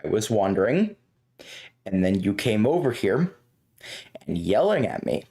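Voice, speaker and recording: A man's voice: lowish voice, big pitch swings, measured pace, vocal fry, warm tone. A man playing in a tabletop game, chatting casually and laughing often as he rambles. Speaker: player.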